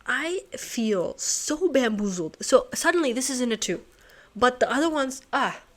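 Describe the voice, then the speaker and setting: A woman with a voice a bit higher than most talks to herself through a long puzzle solve. She mutters, curses and laughs at her own mistakes as she works. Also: lively intonation, measured pace. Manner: muttering self-talk, swearing and laughing at herself. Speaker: puzzle channel host. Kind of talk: talking to herself while solving a puzzle.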